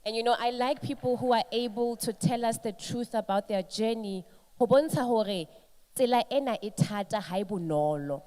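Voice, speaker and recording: A woman, hosting a live event, with warmth and faith and switching freely between languages. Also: fairly high pitch, normal speed. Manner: warm, faith-filled, lively code-switching. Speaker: event host. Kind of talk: live emcee remarks mixing Sesotho and English.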